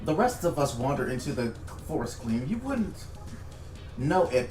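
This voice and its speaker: A man recapping a tabletop game story to friends over voice chat, casual and animated, swearing at times. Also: medium pitch, normal speed, faint music behind. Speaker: streamer recounting a tabletop campaign. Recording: echoey room sound.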